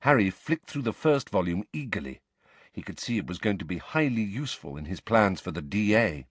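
A man narrating an audiobook with expressive, animated storytelling. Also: lowish voice, a little fast, breathy edge, no room sound. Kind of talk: scripted narration.

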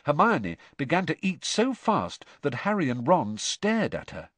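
Expressive male audiobook narrator. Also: fairly high pitch, measured pace, no room sound. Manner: expressive, varied storytelling.

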